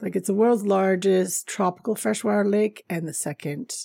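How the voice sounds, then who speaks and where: Chatty, creaky-voiced middle-aged woman. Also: mid-range voice, moderate pace, dark tone, no room sound, clean studio sound. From North America. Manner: rambling and chatty, laughs often, many fillers. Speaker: travel storyteller. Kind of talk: casual travel storytelling.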